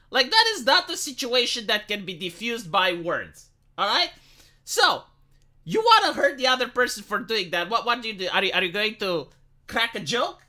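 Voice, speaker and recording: Male channel host, bright forceful delivery, combative opinion rant. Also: extremely high pitch, big pitch swings, moderate pace. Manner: heated, emphatic, swearing, frequent "right?" and "like".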